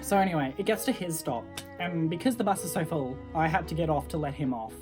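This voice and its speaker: A woman's voice: low-pitched, fast. A teenage girl telling a story in a casual, chatty way, full of "like" and acted-out quotes. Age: teens. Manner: chatty, filler-heavy, acts out quotes. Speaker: vlogger. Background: guitar music.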